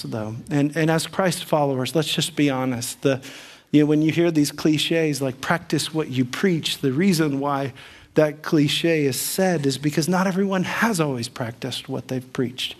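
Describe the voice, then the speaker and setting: A man's voice: fairly high pitch, moderate pace. A middle-aged male pastor preaching a sermon, telling a childhood story in a chatty, self-deprecating way and acting out the voices of the people in it.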